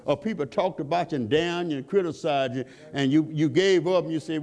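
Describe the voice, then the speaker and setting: A man's voice: on the high side, brisk, hardly any pauses, darkish tone. A man preaching a sermon in call-and-response style, asking the congregation questions and climbing to fervent peaks.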